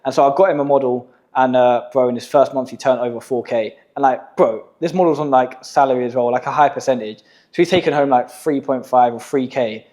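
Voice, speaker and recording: A man's voice: medium pitch, fairly even intonation, fairly quick, darkish tone. A young English man hosting a casual podcast chat, telling stories in slangy, profane talk. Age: young adult. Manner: slangy, swearing, storytelling. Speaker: podcast host, agency owner.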